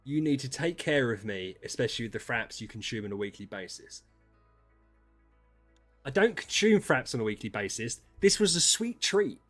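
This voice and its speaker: A man streaming casual chat with viewers, ranting and swearing, dropping to mutters and then rising to loud outbursts. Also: mid-range voice, big pitch swings, moderate pace, soft background music.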